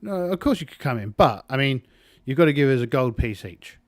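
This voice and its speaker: A man's voice: medium pitch, expressive, fairly quick, dry recording, clean studio sound, close to an everyday voice. A man voicing a sly male town gate guard who asks for coin, wheedling and stumbling over his words.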